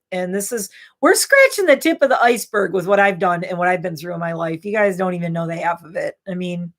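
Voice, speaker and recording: A woman in her thirties chatting candidly and rambling on a beauty livestream, a bit tipsy from wine. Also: medium pitch. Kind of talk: casual livestream chat.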